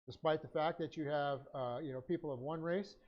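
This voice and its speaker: A man teaching a Bible study class and dictating his notes, talking haltingly with many fillers and self-corrections. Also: fairly high pitch, steady tone, dull audio.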